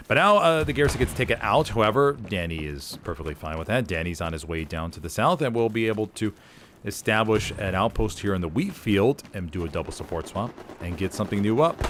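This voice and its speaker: A man giving energetic, jokey play-by-play commentary on a competitive war video game, drifting into rambling asides. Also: on the low side, a little hiss or hum. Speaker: esports caster.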